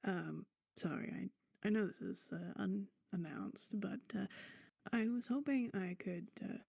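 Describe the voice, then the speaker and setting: A woman's voice: medium pitch, measured pace, creaky, dark tone, breathy edge, no room sound, clean studio sound, heavily acted. A woman voicing a timid, polite young man who speaks hesitantly and apologetically.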